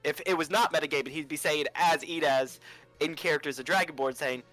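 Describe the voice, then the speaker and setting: Bright, joking man at a tabletop game. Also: fairly high pitch, fast talker, soft background music, low-quality recording. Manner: joking, explains rules. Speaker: player. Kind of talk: casual game chat.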